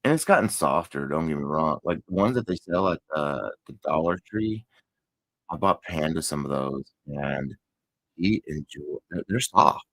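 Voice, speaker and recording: Texan male host, deep fry-heavy voice, casual rambling chat, dry close sound. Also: expressive, moderate pace, a bit bright, no echo, poor audio. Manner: rambling, self-correcting, chatty. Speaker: crochet channel host.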